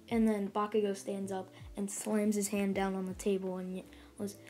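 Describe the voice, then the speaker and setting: A woman's voice: medium pitch, little pitch movement, moderate pace, darkish tone, faint music behind. A woman casually retelling a fan story, rambling along with lots of fillers and restarts.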